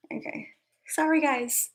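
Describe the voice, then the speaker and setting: This livestream host has a high, somewhat bright voice and takes her time as she talks. Chatting casually and straight to her viewers, she comes across as hyper and self-amused, often laughing at herself.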